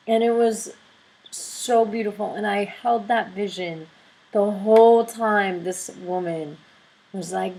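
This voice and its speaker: A woman video blogger telling a story in a casual, excitable and gushing way. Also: medium pitch, low-quality recording.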